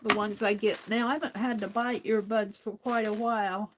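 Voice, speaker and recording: A woman's voice: mid-range voice, flat delivery, moderate pace, background noise. A woman hosting a crafting livestream, chatting casually, thinking aloud and talking to her viewers. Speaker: livestream host.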